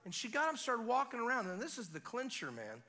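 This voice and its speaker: A man preaching at a revival service, telling a story with swings between hushed quiet and loud excitement. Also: very high voice, a little fast. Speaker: guest preacher. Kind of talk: sermon testimony. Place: church service.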